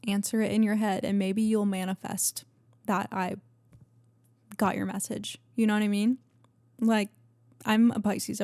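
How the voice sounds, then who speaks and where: A woman's voice: mid-range voice, a little mellow, no room sound. A young woman hosting a podcast in casual chat, gushing and chatty with lots of fillers and swearing. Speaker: podcast host.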